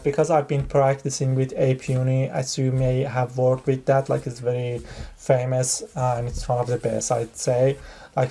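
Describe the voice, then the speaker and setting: Slow, mellow-voiced male tutor. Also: medium pitch. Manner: rambling, conversational, explains by demonstrating. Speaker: test-prep tutor. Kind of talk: casual spoken tutorial.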